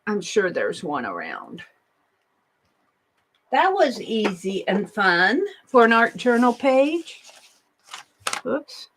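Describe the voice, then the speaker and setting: A woman talks her way through an art journal page at her craft desk, unhurried and easygoing. She chats to viewers and herself, dropping into soft murmured asides as she works. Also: mid-range voice, huge pitch swings, breathy edge, poor audio. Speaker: art journaling livestream host. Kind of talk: casual crafting narration.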